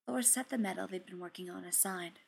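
A woman reading fan fiction aloud in steady storytelling narration. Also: on the low side, brisk, vocal fry, husky. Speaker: reader.

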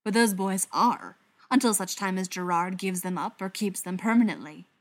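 A woman's voice: mid-range voice, moderate pace, lightly acted. A woman reading an audiobook, voicing a cool, haughty male vampire who speaks in clipped, sarcastic lines. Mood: cold.

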